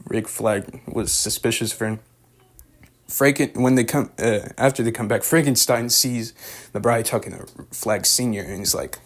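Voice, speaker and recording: A man's voice: lowish voice, fairly even intonation, unhurried. A young man recapping and reviewing a show in a loose, rambling way, full of fillers and slang. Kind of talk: casual spoken recap and review.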